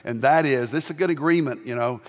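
An older man from the American South with a Southern accent, preaching a sermon as pastor with homespun humor and loud, emphatic rises. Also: mid-range voice, fast. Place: large church sanctuary. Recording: long reverb of a large church.

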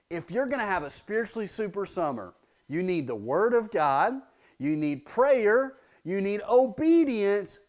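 Animated man preaching to children. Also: on the high side. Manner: lively storytelling, addressing children directly; prays aloud. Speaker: children's church leader. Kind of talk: children's sermon.

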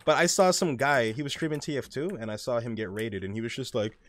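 A man's voice: mid-range voice, quick pace, no room sound. A young man streaming a game live, rambling casually, reading chat aloud and swearing often.

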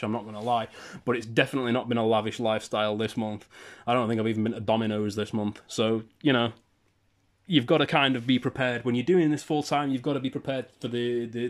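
A man's voice: mid-range voice, a little mellow. A man in his thirties from the UK, casually rambling through a sales roundup for his channel with self-deprecating asides. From United Kingdom. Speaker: eBay reseller vlogger.

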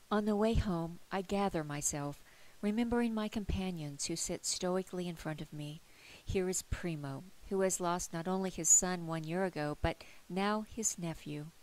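Woman, lower pitch, reading her own story aloud in a soft, hushed storytelling voice. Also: low-quality recording. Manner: quiet, hushed storytelling, often near a whisper. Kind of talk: memoir reading.

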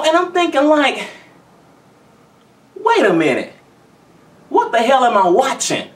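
A man's voice: sits high, fairly bright tone. A man giving an angry, emphatic commentary in a vlog, repeating himself for effect. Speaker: vlogger. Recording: roomy, mic at a distance.

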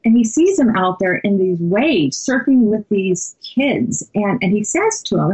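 A woman's voice: medium pitch, measured pace, few pauses, husky, poor audio. A woman guest on a podcast, telling a story animatedly and conversationally. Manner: animated, many "you know" fillers.

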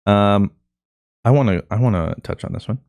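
A man with a fairly low voice co-hosts a casual gaming podcast, rambling and joking with friends. His voice sounds close and dry, with little room sound. He slips into sarcasm easily. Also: normal speed, creaky, a little mellow, no room sound. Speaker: podcast co-host.

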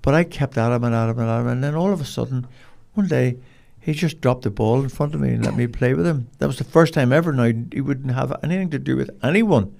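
Older man, Northern Irish accent, gravelly, rambling animated storyteller, mid pitch. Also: quick pace, hardly any pauses. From Northern Ireland. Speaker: guest, dog trainer. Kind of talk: casual storytelling.

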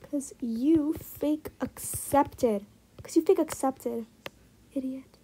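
A young woman giving casual, excitable commentary while trading in a game, often dropping into muttered asides. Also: sits high, slow pace, a little hiss or hum, poor audio. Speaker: gaming vlogger.

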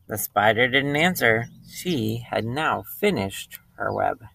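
A male teacher reading a picture book aloud to young children, slow and expressive, with playful voices for the animals. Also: fairly low pitch, vocal fry.

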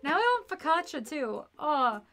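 A woman's voice: sits high, sing-song, normal speed, sharp tone. A young woman streaming a game, chatting casually and reading its text aloud, playful and fond of puns, rambling about food.

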